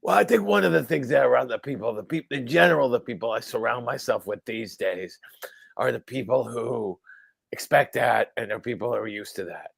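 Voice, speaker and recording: A man with an East Coast American accent and a deep gravelly voice, a comedian chatting dryly as a guest. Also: no room sound. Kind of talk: casual interview chat.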